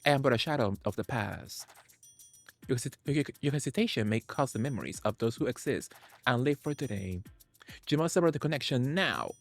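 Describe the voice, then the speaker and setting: A man gives voice to a loving, fading father figure from a video game scene. He reads earnestly at a mid pitch and trips over a word now and then. Faint game music plays underneath. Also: animated, gravelly. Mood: solemn. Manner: earnest, slow reading with occasional stumbles. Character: dying ghostly father, middle-aged man, solemn and loving.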